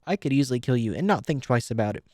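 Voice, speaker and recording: A man's voice: mid-range voice, lively intonation, racing, darkish tone, no room sound, studio quality, close to an everyday voice. A man voicing a cruel, bossy female griffin captain who talks cold and commanding.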